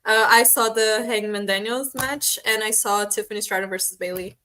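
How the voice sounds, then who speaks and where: A woman's voice: medium pitch, steady tone, normal speed, sharp tone. A woman co-hosting a casual podcast chat, chatty and often giggling. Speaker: podcast co-host.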